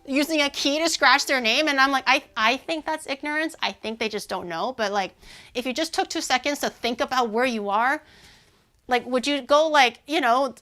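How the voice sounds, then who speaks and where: Rambling high-voiced woman streamer. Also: normal speed. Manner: rambling, heavy use of "like", animated indignation. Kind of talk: casual chat to a live stream audience.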